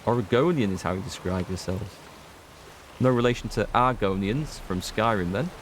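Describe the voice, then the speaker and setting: A let's play gamer from North Yorkshire, England, talks at normal speed in a fairly low voice with a North Yorkshire English accent. He rambles casually to his viewers as he plays, and there's a little hiss or hum on the recording.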